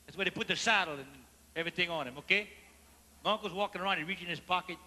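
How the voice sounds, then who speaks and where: A Louisiana stand-up comedian with a Cajun accent tells comic stories on a large theater stage before a live audience. His high-pitched, rapid-fire delivery is animated, mixing in French phrases as he asks the crowd questions. The live recording carries hall reverb and faint ambience.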